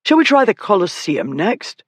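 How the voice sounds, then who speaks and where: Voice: mid-range voice, sing-song, normal speed, no room sound, voice pushed up. A narrator playing a reckless young duke. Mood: teasing.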